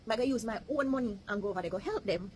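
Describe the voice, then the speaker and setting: A woman with a Jamaican accent voicing a bold, determined Jamaican businesswoman nurse who speaks brisk, confident patois. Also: medium pitch, slight background noise, natural voice.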